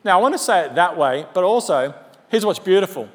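A pastor preaching a sermon in an animated, conversational way with humorous asides. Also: male voice, sits high, fairly quick. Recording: long hall reverb.

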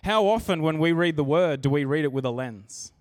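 This is an earnest man giving a church sermon in a somewhat high male voice, chatty in manner and restarting sentences mid-thought. He is expressive and talks a little fast. Miked close and dry, the recording has little room sound and no echo.

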